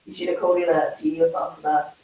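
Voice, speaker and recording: A man's voice: a little high, flat delivery, quick pace, warm tone. Young man rambling in an echoey room. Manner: rambling, laughing, acting out quotes. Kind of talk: casual chat among friends. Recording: echoey room, mic far off, faint hiss.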